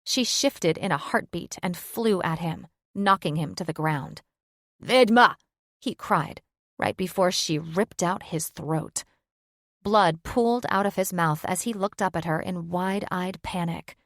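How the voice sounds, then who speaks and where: A woman giving steady, scripted narration of a fantasy romance audiobook. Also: lowish voice, unhurried, no echo, studio quality.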